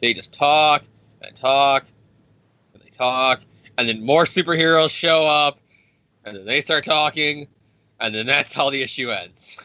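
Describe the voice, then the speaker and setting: Man, casual comic recap, rambling and swearing, bright forceful voice, dry dull lo-fi audio. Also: mid-range voice, measured pace, long pauses, no room sound. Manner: rambling, profane, excitable. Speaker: podcast co-host.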